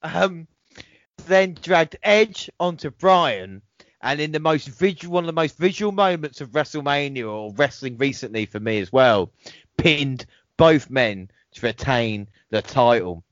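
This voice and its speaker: A man's voice: on the high side, animated, measured pace, a bit bright, no echo, highs cut off. A man hosting a podcast, reading out match results and reacting with laughs and swearing. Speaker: podcast host. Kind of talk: casual wrestling recap chat.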